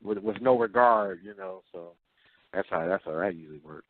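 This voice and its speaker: A man on a radio talk show, speaking slowly and in a measured way that trails off. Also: low voice, narrow, tinny audio. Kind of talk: casual frank chat.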